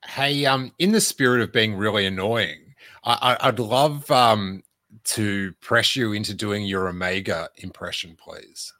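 A man's voice: on the low side, a little slow, pushed and bright, dry recording. A man co-hosting a casual fan chat, teasing his partner and hesitating with fillers.

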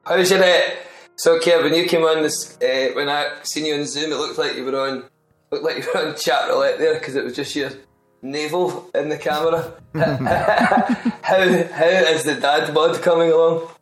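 A man's voice: a little high, fairly even intonation, moderate pace. A man, co-hosting a podcast in casual chat, teasing his friend with joking questions. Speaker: podcast co-host. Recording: roomy echo with faint music.

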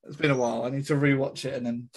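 A man's voice: mid-range voice, level tone, very fast, vocal fry. A young man co-hosting a podcast in casual chat, laughing often as he tells stories. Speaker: podcast co-host.

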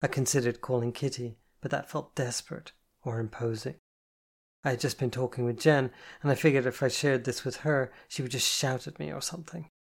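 Gravelly-voiced audiobook narrator. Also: mid-range voice, fairly even intonation, a little fast. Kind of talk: first-person novel narration.

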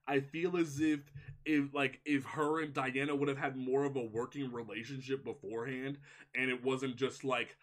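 A young man co-hosting a casual movie review podcast, rambling and animated with lots of filler words. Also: medium pitch. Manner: rambling, heavy use of "like", animated. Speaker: podcast co-host.

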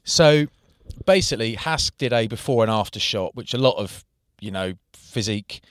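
Low-voiced man telling a story. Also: moderate pace, dry recording, clean studio sound. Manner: animated storytelling with banter. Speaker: podcast co-host. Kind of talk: casual chat.

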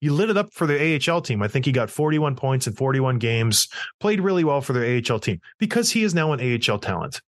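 A man in his thirties co-hosting a hockey talk podcast, talking in animated, ranting bursts. His pitch swings widely as he tells his stories. The sound is close and dry. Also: fast talker, hardly any pauses, no echo. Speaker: podcast co-host.

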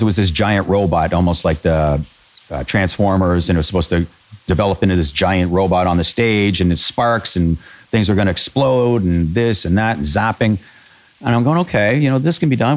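A man with a fairly low voice, a pyro designer talking as a guest. He tells his story bluntly and with energy and swears freely, and he acts out both sides of the arguments. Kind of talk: casual storytelling interview.

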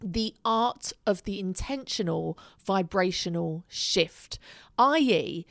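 A woman's voice: medium pitch, lively intonation, slow, creaky, no room sound, studio quality. A woman hosting her own podcast, talking casually with swearing and self-mocking asides. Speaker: podcast host. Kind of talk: casual solo podcast chat.

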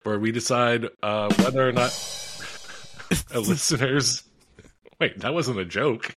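Keep it easy and jokey, a guy hosting a podcast with friends, ordinary middle pitch. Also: takes it slowly, over music. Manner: loose, joking, laughs through asides. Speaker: podcast co-host. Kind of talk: casual podcast banter.

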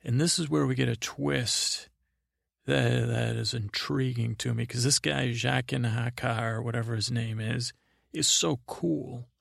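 Man, podcast host, meandering sleepy recap, heavy vocal fry, dry close sound. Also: medium pitch, fairly even intonation, a little slow, fairly bright tone, no echo. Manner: meandering, full of fillers and restarts. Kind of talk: drowsy rambling episode recap.

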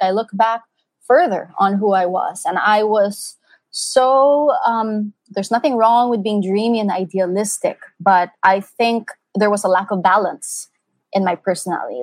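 An earnest woman talks openly as an interview guest. She sounds like she's in her thirties, animated and full of fillers as she tells her stories. Her voice is close and dry, with no room sound. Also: fairly high pitch, dry recording. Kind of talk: casual conversational interview.

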